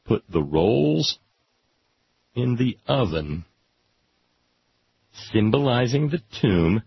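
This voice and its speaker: A man reading aloud with sardonic, deadpan asides. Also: mid-range voice, slow pace, vocal fry, slightly rough, dry recording. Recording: dull lo-fi recording.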